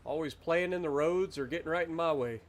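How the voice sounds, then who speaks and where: A man streaming a farming game talks casually and rambles to his chat while he plays. His pitch is fairly high and he speaks fairly quickly.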